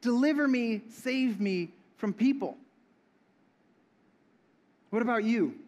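A man's voice: high voice, a little mellow. A young man preaching a casual sermon, joking and asking the audience questions. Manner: playful, talks with the audience. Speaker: pastor.

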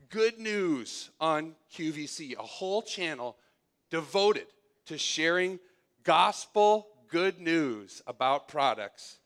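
A man's voice: on the high side, bright, forceful tone. A male pastor preaching a sermon, playful and sarcastic as he speaks to his congregation in a church hall.

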